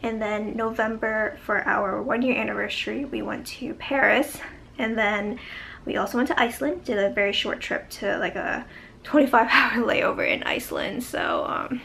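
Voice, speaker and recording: A woman's voice: mid-range voice, very animated, normal speed, gravelly, sharp tone, slight background noise. A young woman vlogging a casual life update, a bit short of breath and chatty, with lots of fillers.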